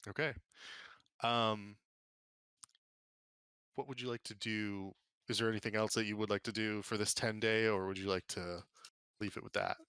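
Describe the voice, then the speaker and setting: A man narrating as game master for a tabletop game, relaxed and casual, with many fillers. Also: fairly low pitch, clean tone, no room sound. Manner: relaxed, filler-heavy narration with quick voiced bits for side characters.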